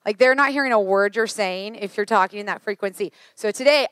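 A woman's voice: on the high side, a little fast, few pauses, dry recording. Chatty woman preacher, a bit worn. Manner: chatty, joking, lively asides. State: worn, slightly hoarse voice. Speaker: pastor. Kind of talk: sermon.

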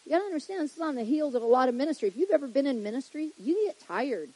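A woman's voice: high-pitched, lively intonation, racing, a little mellow, low-quality recording. A woman preaching a humorous sermon in a chatty way, joking and making frequent asides to the congregation.

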